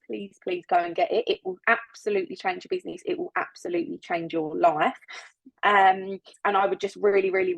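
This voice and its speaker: A woman's voice: mid-range voice, vocal fry, no room sound, low-quality recording. A woman leading a casual, motivational team training on a video call, chatty and upbeat, laughing often and repeating words for emphasis. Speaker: business team leader giving training.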